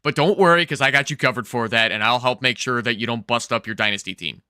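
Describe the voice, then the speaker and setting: Bright-voiced male fantasy football co-host. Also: medium pitch, clean tone, no echo, clean studio sound. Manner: measured, explanatory, occasional stammer. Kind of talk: casual sports analysis chat.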